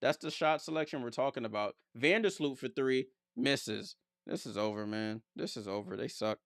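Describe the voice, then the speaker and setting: A man's voice: medium pitch, normal speed, no room sound, studio quality. A man streaming a casual live watchalong, calling plays and answering viewer comments with blunt, teasing remarks. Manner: reads viewer comments aloud and answers them.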